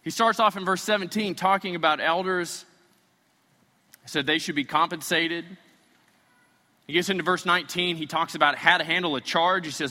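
A man's voice: a little high, moderate pace, long pauses, sharp tone, in a large hall. A man preaching a sermon in a conversational way, sometimes acting out imagined voices. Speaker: pastor.

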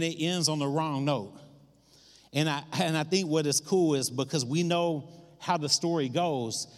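A man preaching a sermon, retelling scripture in an animated storytelling way and acting out the voices of its people. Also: fairly high pitch. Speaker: pastor. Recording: long hall reverb.

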